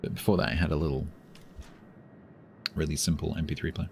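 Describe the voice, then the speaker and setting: Low-voiced English man chatting while gaming. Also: flat delivery, fairly quick, vocal fry, slight background noise. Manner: rambling, dry and self-amused, reads chat aloud. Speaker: streamer. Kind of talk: casual live-stream chat while gaming.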